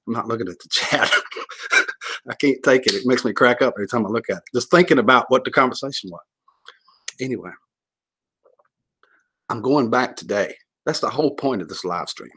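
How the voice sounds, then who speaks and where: A man's voice: mid-range voice, a little fast, long pauses, a bit bright, breathy edge. Jokey, rambling man on a livestream. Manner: jokey, laughs often, rambling. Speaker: livestream host. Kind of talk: casual livestream chat reading comments.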